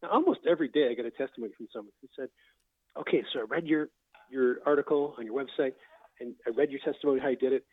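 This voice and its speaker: A man hosting a casual faith conversation, calmly recounting testimonies he has heard. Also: medium pitch, fast, no echo. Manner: relaxed storyteller, recounts others' testimonies. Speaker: podcast host. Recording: tinny phone-like line.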